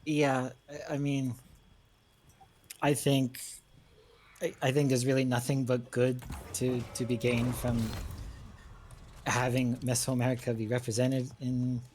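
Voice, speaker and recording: A man's voice: mid-range voice, level tone, darkish tone. Hesitant man, historian guest, noisy stream. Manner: halting, many fillers and restarts. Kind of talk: casual conversation on a livestream.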